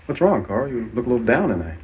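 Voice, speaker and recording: An actor playing a laid-back teasing night DJ. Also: male voice, medium pitch, sing-song, racing, phone-quality sound, a crowd in the background, close to an everyday voice. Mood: easygoing. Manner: smooth, easygoing, joking. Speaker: radio DJ. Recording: noisy old TV audio.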